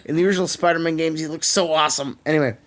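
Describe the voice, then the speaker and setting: A man's voice: on the high side, steady tone, very fast, a bit bright. A young man with a Canadian accent, ranting sarcastically and swearing often as a podcast co-host. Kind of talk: casual chat. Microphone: podcast microphone.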